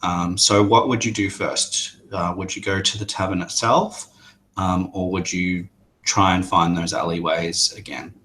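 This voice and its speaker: A man narrating a tabletop game as game master, hesitant and halting. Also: deep voice, level tone, bright, forceful tone, slight background noise. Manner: hesitant, many fillers and restarts.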